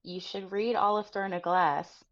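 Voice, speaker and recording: A woman's voice: mid-range voice, steady tone, a little slow, a bit bright, dull audio. A woman joining a casual chat remotely, eagerly recommending books.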